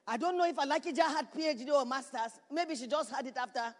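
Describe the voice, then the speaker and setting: Female pastor, very high voice, fervent repetitive preaching, long church reverb. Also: fast talker. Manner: preaching with rising shouts and repetition. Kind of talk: sermon.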